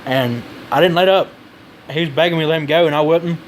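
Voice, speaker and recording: A man's voice: a little high, fairly even intonation, fast, slight background noise, rough recording. Blunt, swearing man with a raised voice. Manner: blunt, rambling, swears freely. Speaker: vlogger giving advice. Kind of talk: casual opinion vlog.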